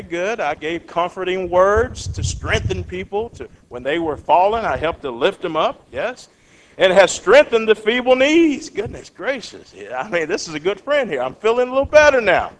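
A man leads a Bible study in a fairly high voice. He reads verses aloud and acts out the words of the people in them. He keeps turning to his class with questions. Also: a little slow. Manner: animated, acts out quotes, asks the class questions.

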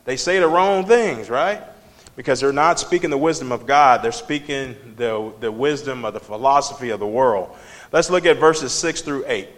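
A man's voice: medium pitch, normal speed. A man leading a Bible study class, talking it through in an emphatic, conversational way and putting questions to the group. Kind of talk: preaching Bible study lesson. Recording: long hall reverb.

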